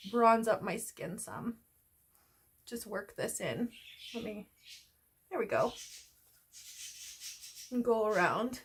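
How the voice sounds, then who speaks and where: A woman's voice: a little high, fairly bright tone, a little hiss or hum. A woman chatting casually as she does her makeup, rambling and a little out of breath. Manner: chatty, rambling, talks while doing makeup. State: slightly out of breath. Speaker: beauty vlogger. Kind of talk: casual get-ready-with-me chat.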